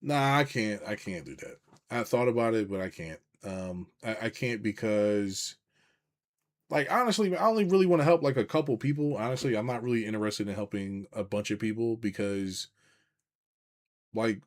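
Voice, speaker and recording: A man's voice: fairly low pitch, expressive, normal speed. A man chatting loosely on a live stream, rambling with lots of swearing and restarts, and reading viewer comments aloud. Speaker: business coach hosting a live stream.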